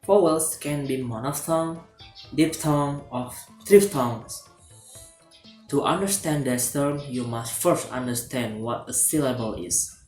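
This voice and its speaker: A man giving a student's lesson presentation, reading steadily from a script with some halting restarts. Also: medium pitch. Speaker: student presenting a class assignment. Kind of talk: read-aloud lesson presentation. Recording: roomy echo with faint music behind.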